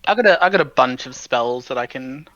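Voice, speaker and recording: A man's voice: medium pitch, expressive, brisk, fairly bright tone, no room sound. A man playing a tabletop game, laid-back and joking. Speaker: player. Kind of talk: casual tabletop play. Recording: dull lo-fi mic.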